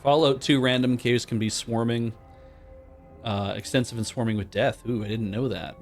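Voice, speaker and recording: A man streaming a modded game, reading the game text aloud in casual commentary and breaking into loud, surprised swearing. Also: mid-range voice, fairly even intonation, normal speed, soft background music.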